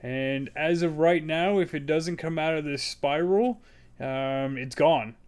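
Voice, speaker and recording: Scattered podcast co-host, slightly high voice. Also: male voice, slow pace, clear, resonant tone. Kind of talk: casual chat, reading news.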